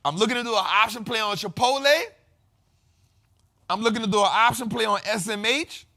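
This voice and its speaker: A man hosting a casual investing show, explaining market terms in slangy, repetitive, animated talk. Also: high voice, fairly quick, vocal fry. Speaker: host.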